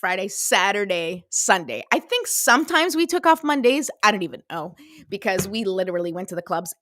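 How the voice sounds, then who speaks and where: A woman in her thirties hosting a casual motivational talk, chatty and animated, full of fillers, acting out little voices as she goes. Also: medium pitch, fairly quick, no room sound. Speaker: host.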